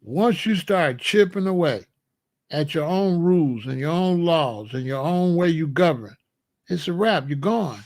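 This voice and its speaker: A man's voice: on the high side, expressive, a little slow, darkish tone. A man hosting solo political commentary, talking emphatically and repeating incredulous rhetorical questions. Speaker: commentary channel host.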